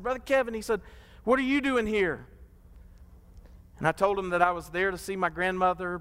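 A man preaching a sermon, building to drawn-out, impassioned peaks. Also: sits high, a bit bright, clear, resonant tone. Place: church sanctuary. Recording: long hall reverb.

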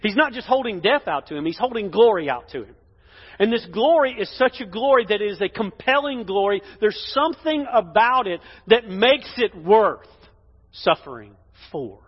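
A pastor preaching a sermon in a church, emphatic, swinging between loud declarations and hushed lines. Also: male voice, high voice, very animated, moderate pace, husky. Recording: dull echoey hall sound.

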